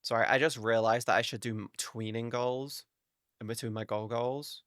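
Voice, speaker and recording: A male streamer talks loosely to his chat, rambling from one thought to the next and dropping casual swears. His voice is bright and forceful, and it sits close and dry on a desk mic, with no room sound around it. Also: medium pitch, steady tone, normal speed, no room sound.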